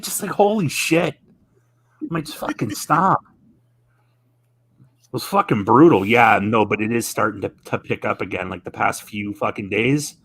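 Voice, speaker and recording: A man's voice: mid-range voice, a bit bright, slightly rough, dry recording, rough recording. A man chatting casually as a guest on a live stream, telling stories full of swearing and laughter. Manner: profane, laughing storyteller.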